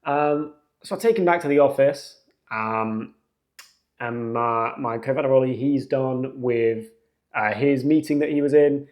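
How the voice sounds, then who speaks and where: A young man, hosting a podcast and telling a story in a casual, animated, slangy way. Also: medium pitch, unhurried. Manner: animated, slangy, jumps into acted quotes. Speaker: podcast host.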